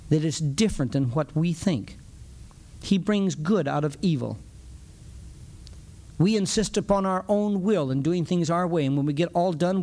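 A man with a fairly high voice delivers a folksy, conversational sermon. He talks animatedly, acting out little exchanges and chuckling as he goes. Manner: animated, folksy, acts out dialogues with frequent chuckles. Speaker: preacher.

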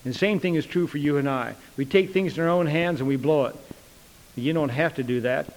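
A man's voice: a little high, a little fast, long reverb tail, poor audio. A man preaching a sermon in a folksy way, acting out the dialogue of the people in his stories. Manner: folksy, acts out dialogue with voices.

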